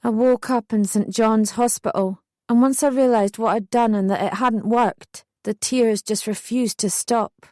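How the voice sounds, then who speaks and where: A woman's voice: on the high side, fairly even intonation, measured pace, few pauses, darkish tone, no room sound, clean studio sound. Emotional woman narrating a memoir. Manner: emotional, intense retelling. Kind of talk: first-person audiobook narration.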